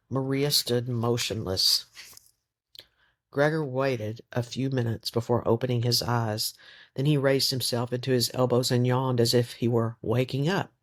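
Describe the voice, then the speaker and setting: A man reading a novel aloud in steady, measured audiobook narration. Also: medium pitch. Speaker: reader.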